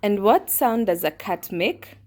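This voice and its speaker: A woman's voice: medium pitch, expressive, measured pace, darkish tone. A woman, a mother and host, patiently asking her young child simple questions one at a time. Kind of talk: teaching a young child at home.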